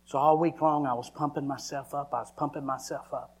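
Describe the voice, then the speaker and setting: A man tells his story from the pulpit in a testimony sermon. His voice sits at an ordinary middle pitch, and he delivers it as dramatic storytelling that now and then sinks to a hush. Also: steady tone, fairly quick, husky. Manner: dramatic storytelling, acting out his own cries. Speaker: preacher.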